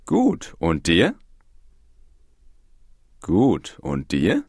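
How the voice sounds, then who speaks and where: A man speaking short phrases slowly and carefully for learners to repeat in a language course. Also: deep voice, wildly swooping pitch, gravelly, darkish tone, slightly rough, no room sound, clean studio sound. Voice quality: slow, carefully articulated.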